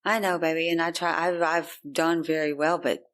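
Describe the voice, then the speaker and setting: A woman's voice: low voice, little pitch movement, moderate pace, a bit bright. A woman co-hosting a casual podcast chat, earnest, agreeable and openly emotional. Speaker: podcast co-host.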